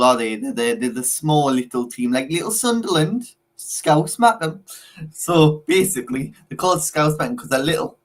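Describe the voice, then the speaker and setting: A man's voice: on the high side, a bit bright. A young man co-hosting a football watchalong, teasing rival fans in casual, repetitive banter.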